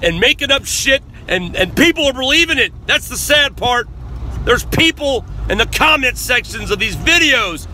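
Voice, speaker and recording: A man's voice: very high-pitched, animated, moderate pace, pushed and bright, a little hiss or hum, rough recording. A furious man in an angry rant, hurling profane accusations and insults.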